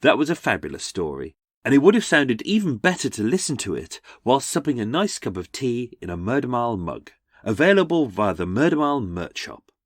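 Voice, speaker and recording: A man's voice: mid-range voice, sing-song, fairly quick, hardly any pauses, dry recording, clean studio sound. A man with a British accent hosts a podcast in scripted comedic narration, full of sardonic, mocking asides. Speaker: podcast host.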